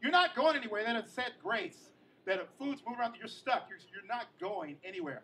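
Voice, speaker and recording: A young man from Kansas doing animated stand-up, teasing the crowd and repeating his punchlines. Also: very high voice, a little fast, distant mic, slight background noise, rough recording. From Kansas, USA. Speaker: stand-up comedian. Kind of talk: stand-up comedy. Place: comedy stage.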